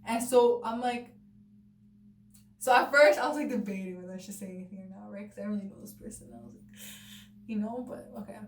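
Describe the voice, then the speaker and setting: Talking fast but leaving long pauses, a young woman with a mid-range voice vlogs about something that happened to her, acting out people's quotes and leaning on "like" and "you know." The mic sits at a distance in an echoey room, with faint noise underneath.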